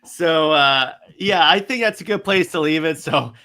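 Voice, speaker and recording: A man's voice: a little high, unhurried, bright, forceful tone. A man co-hosting a casual comics podcast, stating strong opinions with frequent stammers. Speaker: podcast co-host. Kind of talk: casual chat about comics.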